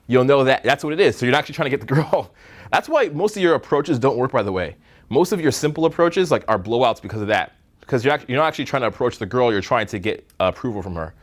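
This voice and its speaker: Blunt, profane male dating coach. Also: medium pitch. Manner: blunt, profane, joking, slips into mocking put-on voices. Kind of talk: live seminar talk to a room of students. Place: seminar room with an audience.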